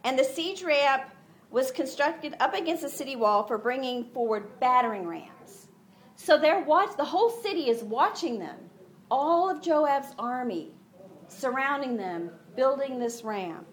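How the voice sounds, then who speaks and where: A woman preaching a sermon, retelling the story in an animated way and acting out the voices. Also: sits high, measured pace. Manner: animated storytelling, acts out voices, laughs often.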